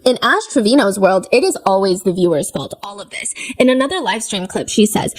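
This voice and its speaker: A woman's voice: mid-range voice, animated, brisk, hardly any pauses, rough recording. A woman narrating a commentary video in a casual, opinionated, conversational way.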